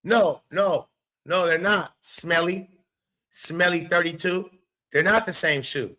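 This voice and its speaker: A man hosting a casual live stream, animated, swearing and talking back to his chat. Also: high voice, slow pace. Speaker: show host.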